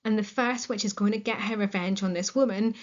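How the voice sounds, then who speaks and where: A woman's voice: medium pitch, fairly even intonation, fairly quick. A woman teaching a literature lesson, explaining a play in a chatty way and paraphrasing its lines in modern words. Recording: muffled lo-fi recording.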